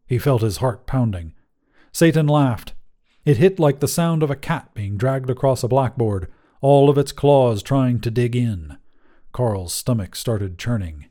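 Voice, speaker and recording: A man narrating a short story podcast in a measured, expressive reading. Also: mid-range voice.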